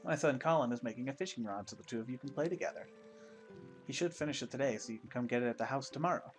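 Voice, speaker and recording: A man reading a gentle village mother. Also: medium pitch, fast, faint music behind, lightly acted. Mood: friendly.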